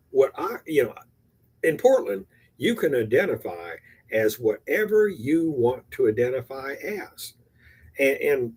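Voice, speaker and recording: An older man from Texas, rambling and halting as he chats casually and rehearses his stand-up, poking fun at himself. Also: medium pitch, a little mellow, husky. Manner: rambling, halting, self-deprecating. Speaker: amateur stand-up comedian.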